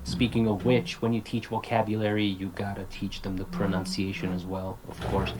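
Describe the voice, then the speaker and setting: A man's voice: fairly low pitch, level tone, moderate pace, rough recording. A man giving an online talk to language teachers. He is casual and direct, repeats his points, and says example words aloud as drills. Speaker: lecturer.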